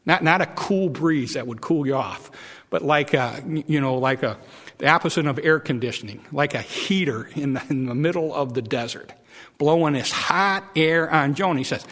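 A man preaching a sermon in a folksy, halting way, acting out voices with repeated words. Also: fairly high pitch, a bit bright. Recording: long hall reverb.

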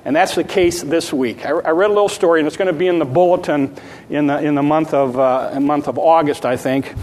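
A man preaching a sermon as pastor, in a halting, folksy storytelling way with frequent fillers. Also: fairly high pitch, a little mellow, long reverb tail, slight background noise.

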